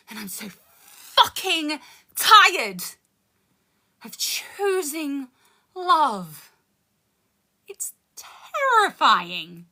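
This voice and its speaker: Bright, high-pitched, and forceful, this UK woman raps and does spoken word live from her phone. Her delivery is intense and full of swearing, and she shifts between rapping and talking.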